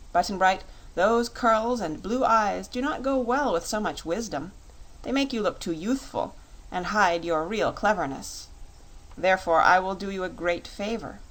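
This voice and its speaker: A woman's voice: medium pitch, natural voice, poor audio. Storybook fox king, vain and pompous, fond of lecturing, read by a woman. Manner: flattering, self-satisfied, lecturing.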